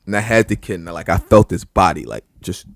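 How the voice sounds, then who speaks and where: On a podcast he co-hosts, a man launches into an animated, profane retelling packed with filler words and restarts. He speaks fairly quickly in a low voice with vocal fry.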